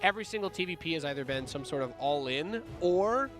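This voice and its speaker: A man's voice: on the high side, expressive. Joking male esports caster over music. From United States. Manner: joking, quick banter. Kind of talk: play-by-play commentary. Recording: music playing behind.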